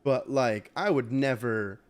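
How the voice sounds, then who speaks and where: A young man co-hosting a casual podcast chat, telling a story with animated, loud bursts. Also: mid-range voice, slow pace, clear, resonant tone. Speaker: podcast co-host.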